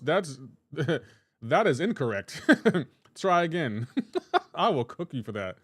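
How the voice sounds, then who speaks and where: A man's voice: medium pitch, expressive, normal speed, no echo. Joking male game streamer, dry sound. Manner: chatty and joking, reads out chat names and comments; playful teasing about pronunciation. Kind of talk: casual live-stream chat.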